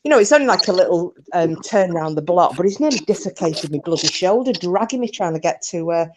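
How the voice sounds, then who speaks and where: A woman's voice: fairly low pitch, expressive, a little fast, background noise. A woman joining a live stream chat, telling an everyday story in a chatty, exasperated way. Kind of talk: casual storytelling.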